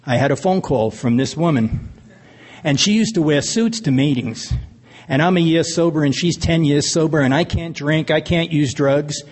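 A man's voice: a little high, darkish tone. A man sharing his recovery story with earnest, plain storytelling and occasional laughs. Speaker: AA speaker. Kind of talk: recovery share, personal story. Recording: long hall reverb.

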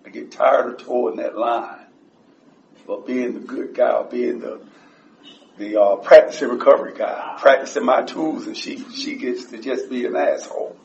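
A man giving a blunt, profane personal share at a support meeting, his voice rising whenever he gets excited. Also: medium pitch, normal speed, gravelly, slight background noise. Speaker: recovery group member sharing. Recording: echoey room, distant dull mic.

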